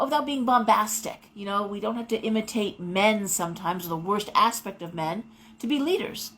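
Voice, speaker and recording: A woman's voice: mid-range voice, a little hiss or hum, low-quality recording. A middle-aged woman hosting a live tarot show, talking casually and wandering off into personal stories. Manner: rambling, digressive storytelling. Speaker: tarot reader host.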